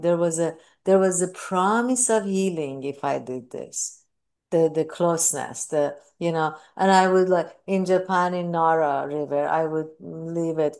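A woman giving a personal talk on mindfulness and grief, earnest and reflective, often pausing and restarting, her voice jumping up with feeling when she retells moments. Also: low-pitched, a little mellow.

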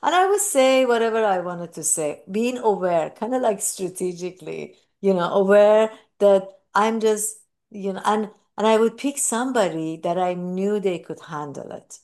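A woman giving a personal talk on mindfulness and grief, earnest and reflective, often pausing and restarting, her voice jumping up with feeling when she retells moments. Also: mid-range voice, a little mellow.

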